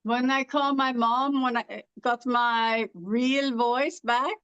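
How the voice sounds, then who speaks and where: Woman, British-sounding accent, clear resonant voice, careful casual storyteller. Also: a little high, fairly even intonation, takes it slowly, fairly bright tone, no echo, muffled recording. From Los Angeles, California. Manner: speaks with a foreign-sounding accent from a speech condition, often described as British. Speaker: interview guest. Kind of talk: casual conversation.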